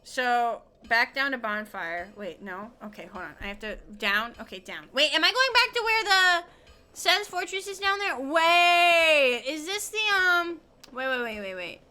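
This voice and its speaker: Bright, high-pitched chatty woman gamer. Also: expressive, a little slow. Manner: rambling, giggly, talks to chat while playing. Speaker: streamer. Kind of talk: casual gaming stream chat.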